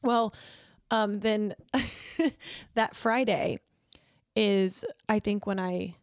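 A woman's voice: mid-range voice, extremely slow, no echo, clean studio sound. A woman in her twenties co-hosting a podcast, telling candid stories and laughing often. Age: 20s. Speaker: podcast co-host. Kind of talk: casual chat.

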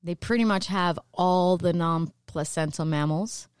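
A woman's voice: fairly low pitch, measured pace, clean tone, dry recording, studio quality. A woman co-hosting a podcast in casual chat, teasing and sharing facts. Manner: teasing, informative. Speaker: podcast co-host.

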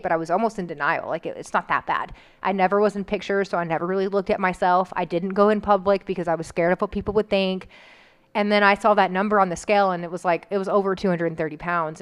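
Woman opening up on a podcast, smooth clear voice, lots of "like"s, gets emotional. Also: medium pitch. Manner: candid, emotional, frequent "like" fillers. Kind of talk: personal story in casual chat.

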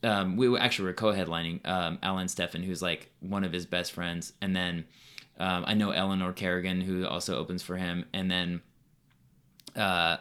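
A man's voice: low voice, little pitch movement, moderate pace, a bit bright. A man who is a comedian guest, telling rambling stories in casual podcast chat with many fillers.

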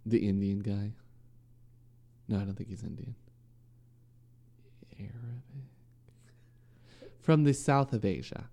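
A man's voice: fairly low pitch, takes it slowly, creaky, pauses often, warm tone. A man co-hosting a casual podcast who cuts in with crude jokes and swearing. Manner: crude joking interjections, swears freely. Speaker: podcast co-host listening to the story.

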